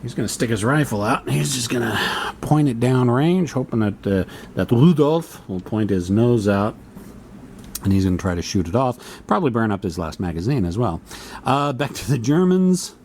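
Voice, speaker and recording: With a little hiss or hum in the recording, a man with a mid-range, somewhat mellow voice speaks animatedly at a moderate pace. He's alone at a board wargame, muttering, reading the rules aloud and reasoning through each turn.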